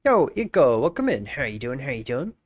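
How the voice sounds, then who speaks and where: A man's voice: mid-range voice, sing-song, fairly quick, dry recording. An Australian man live-streaming, casually greeting chatters and thinking aloud while he works, often repeating his phrases.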